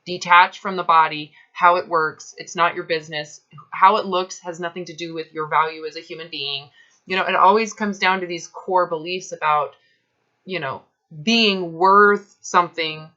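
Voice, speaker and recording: A woman's voice: fairly low pitch, fairly even intonation, moderate pace, sharp tone, muffled recording. A woman coaching a client, talking bluntly and emphatically and swearing casually. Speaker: health coach. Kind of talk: coaching session.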